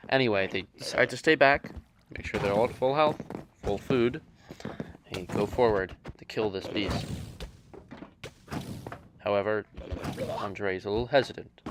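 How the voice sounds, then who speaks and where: A man narrating a video game adventure in a deliberate, deadpan monotone narrator voice. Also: on the low side, noisy background. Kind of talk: comic gameplay narration.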